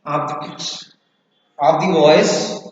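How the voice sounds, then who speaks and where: A male college lecturer dictating a lesson slowly, repeating each phrase so students can write it down. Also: on the high side, steady tone. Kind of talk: slow dictation to a class. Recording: echoey distant hall, lo-fi.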